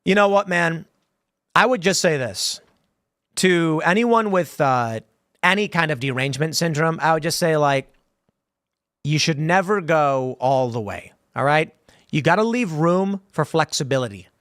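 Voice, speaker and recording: Male host, raised pitch, dry close sound, rambling commentary with acted quotes. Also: lively intonation, unhurried, fairly bright tone, no room sound. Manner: rambling, conversational, with many restarts and acted-out quotes. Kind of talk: casual commentary reading viewer questions.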